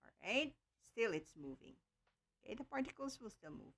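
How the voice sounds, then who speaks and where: Slow, careful woman tutor. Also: mid-range voice, very animated. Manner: slow, careful explaining with frequent okays and ums. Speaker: online tutor. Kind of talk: livestream lesson.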